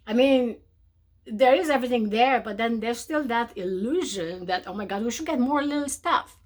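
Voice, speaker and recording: A woman hosting a spiritual talk show, speaking in an animated way to her viewers and often calling them darling. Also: on the high side, normal speed. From from outside North America. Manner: animated, mocking voices of naysayers, calls listener darling. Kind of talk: motivational talk to camera.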